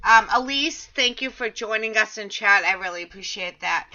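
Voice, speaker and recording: A woman hosting a casual radio chat, halting with many ums as she reads out listener questions. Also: mid-range voice, pushed and bright. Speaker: radio host. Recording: muffled, lo-fi.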